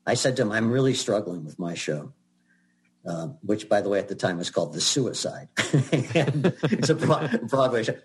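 An older man, a guest actor, telling chatty anecdotes in an interview with laughs and restarts. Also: deep voice. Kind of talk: storytelling in an interview.

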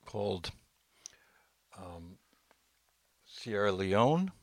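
A man co-hosting a podcast in a relaxed, rambling way, with many fillers and pauses. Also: lowish voice, dry recording, clean studio sound. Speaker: podcast co-host. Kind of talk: casual podcast chat.

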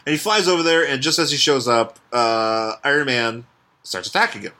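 A man's voice: medium pitch, normal speed, sharp tone. A man in casual comic-book chat as a podcast co-host, laughing and joking with some swearing.

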